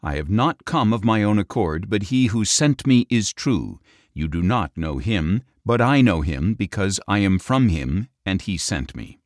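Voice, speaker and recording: A man reading Jesus, earnest and measured. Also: lowish voice, big pitch swings, no echo, clean studio sound. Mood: proclaiming. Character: Jesus, a calm grown man teaching with authority.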